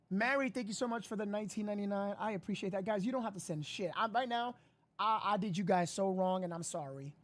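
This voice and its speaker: A woman hosting a casual livestream, frustrated and rambling loudly while thanking viewers. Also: medium pitch, brisk. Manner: frustrated, loud, swearing, rambling. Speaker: livestream host reacting to a live stream.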